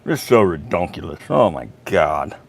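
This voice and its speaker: Guy, middle-aged, salty live chat host, talks slow, cusses a lot, laughs loud at his own jokes. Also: deep voice, sing-song, vocal fry, slight background noise. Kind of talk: casual livestream chat reading comments.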